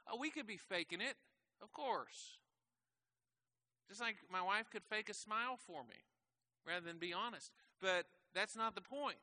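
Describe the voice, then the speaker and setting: A man's voice: sits high, lively intonation, normal speed, sharp tone. A man preaching a conversational sermon to a church congregation, asking rhetorical questions. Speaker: pastor.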